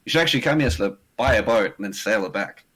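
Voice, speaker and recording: A man with a South African accent chatting casually as a guest on a stream. His voice sits fairly low, and he laughs often and jokes at his own expense. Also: fast talker, breathy edge, poor audio. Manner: animated, self-deprecating, laughs often. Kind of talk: casual chat.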